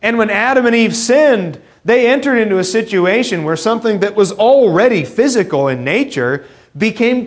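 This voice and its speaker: A young male preacher delivers an earnest sermon in a church. His voice sits high and swings widely in pitch as he builds to emphatic points, and he breaks them up with self-deprecating asides.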